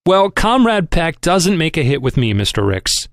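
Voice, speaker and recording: A man's voice: on the high side, sing-song, normal speed, no room sound, clean studio sound. A man voicing a stiff, humorless office manager who complains with cold dignity, in an audiobook reading. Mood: defiant.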